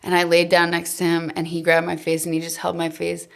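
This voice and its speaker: Candid female podcast guest, deep with fry, confessional storytelling. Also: completely flat delivery, a little fast. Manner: emotional, confessional, trails off softly.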